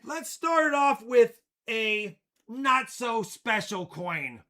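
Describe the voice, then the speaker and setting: A man hosting a live coin auction stream, joking around and shouting out countdowns and winners. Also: extremely high pitch, sing-song, extremely slow. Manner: jokey, loud countdowns and shouted calls. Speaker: livestream coin auction host. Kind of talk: energetic live auction patter.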